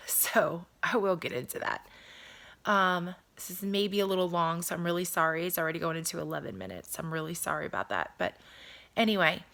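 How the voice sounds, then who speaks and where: Earnest woman with a bright, whispery voice. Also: on the low side. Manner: repetitive, earnest, drops to whispers. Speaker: vlogger. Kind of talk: emotional personal video talk. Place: at home.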